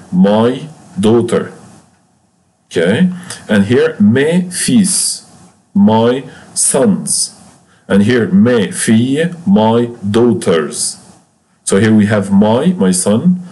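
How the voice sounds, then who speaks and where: Male language teacher, unhurried, patient drills with repetition, deep voice. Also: mellow. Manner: slow, patient, repeats each word and translation. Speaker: French teacher. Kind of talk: classroom lesson explaining French grammar in English.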